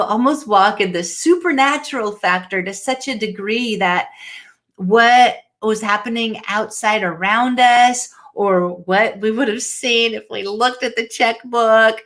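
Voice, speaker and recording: Slow, earnest woman telling her story. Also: mid-range voice, a bit bright. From Washington state, USA. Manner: earnest, laughs often. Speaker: guest speaker. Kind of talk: personal storytelling. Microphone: video call.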